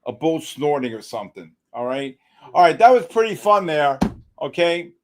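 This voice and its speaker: A middle-aged man hosting a live futures trading stream, with excitable commentary, loud outbursts and joking exasperation. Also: fairly high pitch, normal speed, noisy background.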